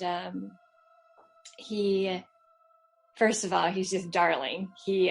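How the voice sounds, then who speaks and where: A woman in her thirties from Los Angeles calls in to share a personal story, her voice on the low side, gravelly and fairly bright. She's chatty and rambling, full of fillers and restarts, and laughs often.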